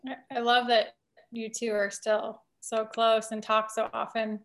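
A woman hosting an interview, asking measured questions. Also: on the high side, monotone, a bit bright. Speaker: host.

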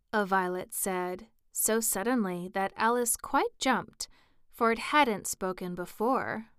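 A woman narrating a storybook in a measured, clear way. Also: medium pitch, fairly bright tone, dry recording, clean studio sound. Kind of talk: audiobook narration.

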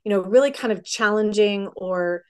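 A middle-aged woman, mid-range in pitch, talks through parenting advice in a relaxed podcast conversation. She keeps acting out short exchanges between parent and child as she explains. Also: clear, resonant tone. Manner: acts out parent-child dialogue with quick quoted voices. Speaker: parenting guest.

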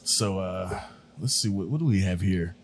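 A man co-hosting a podcast in casual banter, playful and laughing often. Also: moderate pace. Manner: playful, laughs often, drops into a low put-on smooth voice. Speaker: podcast co-host.

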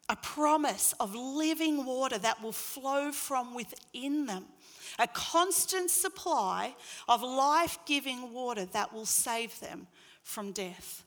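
A woman preaching a sermon in an expressive way, her voice rising into loud calls at its peaks. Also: high-pitched, takes it slowly, long reverb tail. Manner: expressive, rising to loud acted crowd cries.

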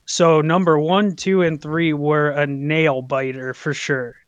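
A man co-hosting a gaming podcast, reading out award results in an easygoing, measured way. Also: a little high, little pitch movement, no echo. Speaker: podcast co-host. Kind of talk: casual chat, mock award-show announcing. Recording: slightly dull, dry podcast audio.

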